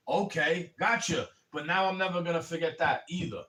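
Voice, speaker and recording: A man ranting on a livestream, rambling and swearing and calling the listener bro, getting louder in angry bursts. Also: a little high, normal speed, few pauses. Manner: rambling and profane, keeps saying "bro"; angry, rising to shouting in bursts. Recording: voice a bit far from the mic.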